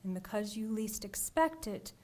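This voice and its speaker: A woman poet giving a deliberate poetry reading, her phrases trailing off into a breathy near-whisper. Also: medium pitch, lively intonation, dark tone.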